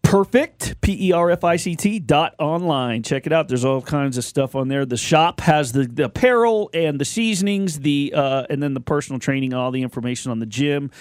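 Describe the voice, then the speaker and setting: A man's voice: fairly high pitch, normal speed, hardly any pauses, dry recording. Upbeat man rambling in a dry studio. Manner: enthusiastic, rambling with restarts. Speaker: guest filling in. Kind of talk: casual radio chat.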